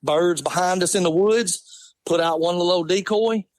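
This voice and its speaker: A man, telling an animated, laughing hunting story in casual talk. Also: high voice, normal speed, no echo. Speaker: podcast guest.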